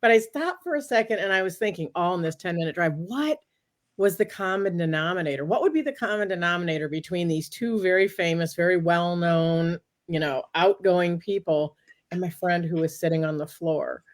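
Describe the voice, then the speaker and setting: A woman, a guest on an interview show, telling a personal story in a casual, animated way, often quoting what she said to herself. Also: fairly low pitch, brisk. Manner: animated, talks through quoted inner dialogue.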